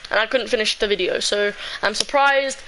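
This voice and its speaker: A woman's voice: mid-range voice, normal speed, bright, forceful tone, slight background noise, poor audio. A teenage girl telling a sad personal story in a rambling way, full of fillers. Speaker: streamer. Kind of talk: emotional storytelling vlog.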